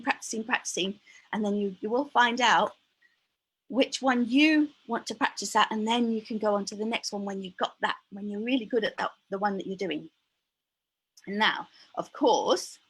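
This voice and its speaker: A woman leading a lively counting lesson for young children, bubbly and encouraging, counting aloud in a sing-song way. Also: medium pitch, a little hiss or hum, low-quality recording. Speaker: early years maths teacher.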